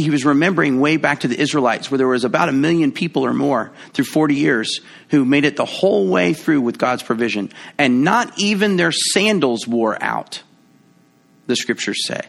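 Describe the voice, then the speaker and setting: Man, pastor, sermon, gravelly voice, casual playful delivery. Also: fairly bright tone. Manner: conversational preaching with playful asides; acts out quoted voices with big pitch jumps.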